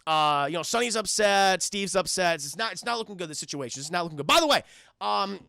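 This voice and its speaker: Gravelly high-voiced man ranting to chat. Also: animated, fast, sharp tone, dry recording, clean studio sound. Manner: rambling, profane, addresses chat. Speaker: streamer film reviewer. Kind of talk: casual live-stream film recap.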